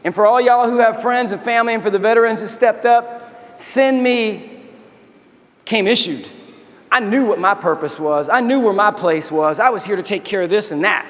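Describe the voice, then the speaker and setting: A man with a high-pitched voice delivers a motivational keynote in a folksy, story-driven way. He acts out dialogue as he goes. His voice rings out with the long reverb of a large convention hall. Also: a little fast, fairly bright tone. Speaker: keynote speaker and army veteran.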